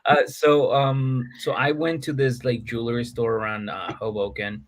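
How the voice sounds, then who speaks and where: A man's voice: mid-range voice, level tone, moderate pace. A man co-hosting a comedy podcast, telling stories in casual chat and acting out the quotes. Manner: jokey storyteller, acts out quotes. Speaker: podcast co-host.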